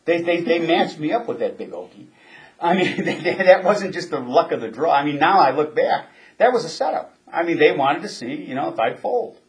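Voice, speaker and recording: An older man and former Marine telling a story in a casual interview, chuckling often and halting with restarts. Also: fairly high pitch, sing-song.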